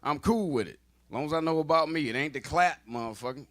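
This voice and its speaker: A man's voice: a little high, fast, fairly bright tone. A man doing a stand-up comedy set, telling stories in a loose, profane, conversational way.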